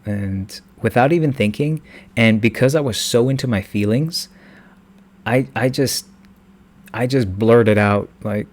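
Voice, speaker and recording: Halting young man telling a story. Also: lowish voice. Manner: halting, many restarts and fillers. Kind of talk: personal storytelling.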